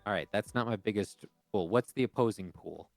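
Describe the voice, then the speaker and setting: A tipsy man playing in a tabletop role-playing game, rambling excitedly about the rules. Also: lowish voice, brisk, vocal fry, dry recording, faint music behind. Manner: excited, rambling, laughs often. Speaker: player. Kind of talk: casual tabletop game chat.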